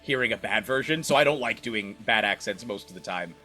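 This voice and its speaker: A man in casual podcast chat, speaking earnestly and haltingly, often restarting his sentences. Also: fairly low pitch, lively intonation, sharp tone, faint music behind.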